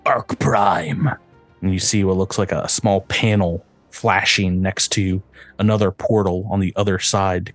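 A man with a fairly low voice runs a tabletop role-playing game. He narrates the scene in a halting way, restarting often. His delivery is loose and unscripted. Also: dry recording. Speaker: game master.

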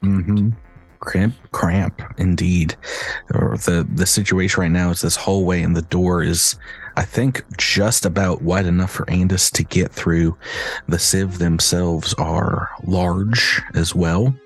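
A man running a tabletop game as game master over a video call, animated and quick to laugh. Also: low voice, slightly rough, faint music behind.

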